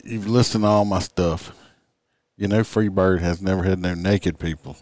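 Lower-voiced man teasing his guest. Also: steady tone, normal speed, darkish tone, no room sound, clean studio sound. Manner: joking, teasing. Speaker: podcast host. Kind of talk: casual chat.

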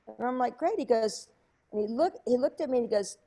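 A woman telling a story as an interview guest, lively and chatty, acting out other people's voices with many fillers. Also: a little high, a little fast. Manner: animated, acts out quoted voices, many fillers. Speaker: interview guest, speaker and coach.

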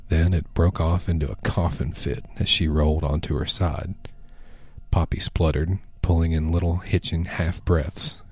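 A man narrating a first-person horror story in a hushed, measured way. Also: extremely low pitch, slightly rough, dry recording.

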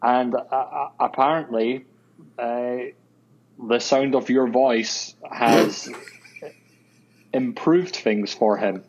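A man's voice: medium pitch, extremely slow, pauses often, a little hiss or hum. A man with a Scottish accent reading listener questions in casual chat, hesitant and full of fillers. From Scotland. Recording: dull lo-fi sound.

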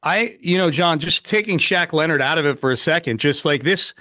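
A man's voice: fairly high pitch, expressive, fairly quick, bright, forceful tone, no room sound. A man hosting a sports talk show, talking casually with lots of fillers and restarts. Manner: conversational, many fillers and restarts. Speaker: sports radio host.

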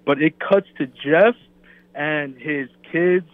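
Male phone-in caller, eager storyteller, thin phone-line sound, slightly high pitch. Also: slow, no room sound. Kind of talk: phone-in chat. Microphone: telephone.

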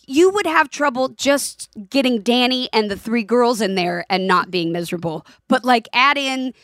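Podcast co-host, woman, 40s, lively storyteller, dry studio sound. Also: on the high side, normal speed, dry recording. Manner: animated storytelling with laughs and quoted voices. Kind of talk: casual chat.

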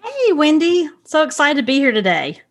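A woman's voice: sits high, wildly swooping pitch, normal speed. A middle-aged woman with a Southern accent from Georgia, a podcast guest who chats in a friendly, giggly way. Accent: Southern American (Georgia).

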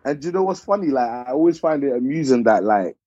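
A man's voice: medium pitch, lively intonation, fast talker, warm tone, no echo. A man with a South London accent chatting casually, hedging and thinking aloud. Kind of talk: casual chat. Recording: dull lo-fi dry sound.

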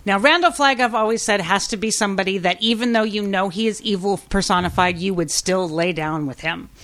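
A woman's voice: medium pitch, a little fast, fairly bright tone. A woman co-hosting a pop culture podcast, reviewing shows in a casual, enthusiastic and candid way, swearing freely. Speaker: podcast co-host.

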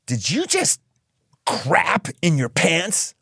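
A man putting on a shrill, strict, deeply religious mother who shrieks and scolds her son. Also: wildly swooping pitch, takes it slowly, a bit bright, breathy edge, no room sound, studio quality, heavily acted. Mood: scolding.

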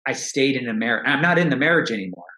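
A man's voice: mid-range voice, expressive, very fast, sharp tone. A middle-aged man, a coach, talking earnestly and reflectively in an interview, often restarting his sentences. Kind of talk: interview conversation. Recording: roomy echo.

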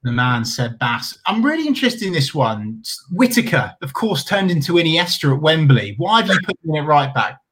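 A man's voice: fairly high pitch, sing-song, a little fast, few pauses, a bit bright. A man hosting a casual football interview, asking chatty, leading questions.

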